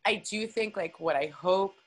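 A woman's voice: mid-range voice, measured pace, low-quality recording. Emotional woman host, faint music behind. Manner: emotional, encouraging, emphatic. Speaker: podcast host. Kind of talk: casual interview chat.

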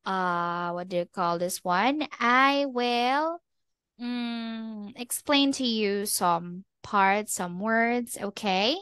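A woman English teacher giving a slow, patient online lesson over a video call. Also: medium pitch, a bit bright, clear, resonant tone, no room sound.

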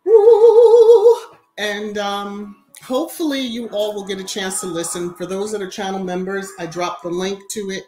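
A woman's voice: mid-range voice, steady tone, moderate pace, hardly any pauses, low-quality recording. A woman hosting a casual live stream, greeting viewers by name and chatting emphatically. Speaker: YouTube livestream host. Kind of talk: casual live-chat commentary.

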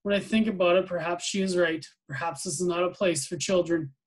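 A grave, weary military father, read aloud by a man in a storybook reading. He speaks in a measured, questioning way, a little high in pitch. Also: steady tone, low-quality recording.

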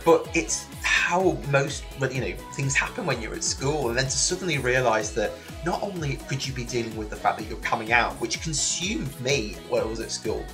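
A man from near Liverpool in England, a guest telling his story in a relaxed interview, lively and full of restarts. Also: mid-range voice, normal speed, few pauses, music in the background. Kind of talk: casual interview chat. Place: remote call from another country than the host.

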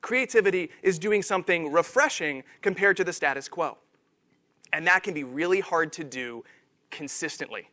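A man giving a conference keynote talk on stage, animated and self-deprecating. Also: on the high side, moderate pace. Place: conference stage before an audience.

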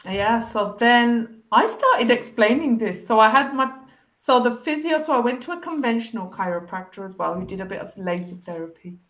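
A woman with a somewhat high voice shares her story as an interview guest. She keeps slipping into the voices of people from her past, animated and expressive. The sound comes over a video call. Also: moderate pace, hardly any pauses. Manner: animated, acts out past conversations.

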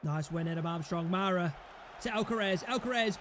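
A young man commentating on a football management game, swearing a lot, yelling at his players and panicking. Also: high-pitched, brisk, slight background noise. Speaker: gaming channel host.

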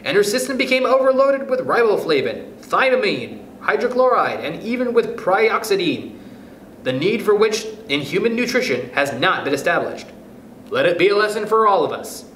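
A man voicing a tiny, self-assured mouse playing schoolteacher, brisk, fussy and bossy in storybook reading. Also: high voice, sing-song, fairly bright tone, voice pushed up. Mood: commanding. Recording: roomy echo, faint noise.

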